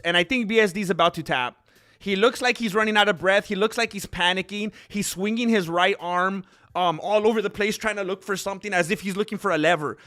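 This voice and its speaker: A man hosting a live stream, rambling casually to viewers and calling the fight with excitable outbursts. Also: high voice. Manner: rambling, talkative, addresses viewers as bro; excitable, loud bursts when reacting.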